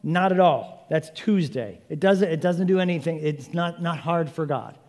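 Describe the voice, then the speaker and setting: A man preaching a sermon, an animated storyteller who jokes and acts out little scenes. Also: on the high side, normal speed, in a large hall. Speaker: pastor.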